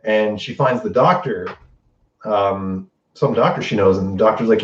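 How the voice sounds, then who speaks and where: A man with a lowish voice chats his way through a casual spoiler recap, cursing freely and acting out quotes. He sounds set back from the mic in an echoey room, and the sound is a little dull and lo-fi. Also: moderate pace. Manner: animated and profane, acts out quotes. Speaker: host. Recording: distant roomy dull lo-fi mic.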